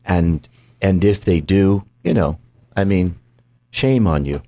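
Deep-voiced emphatic show host. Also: male voice, takes it slowly, mellow, no echo, studio quality. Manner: emphatic, quotes scripture, stumbles and repeats. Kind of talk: Bible teaching in talk show.

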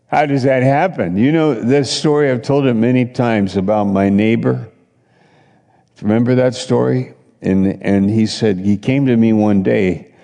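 A middle-aged male pastor preaching in an unhurried, conversational style. His voice is mellow and low-key, and it rings out in a hall with a long reverb. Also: creaky. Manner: conversational storytelling preacher, voices others in quotes. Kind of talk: sermon.

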